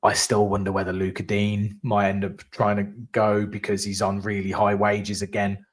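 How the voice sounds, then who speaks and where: A man's voice: lowish voice, completely flat delivery, moderate pace. A man co-hosting a live post-match fan chat, talking casually and animatedly, with the odd swear. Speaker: fan channel co-host.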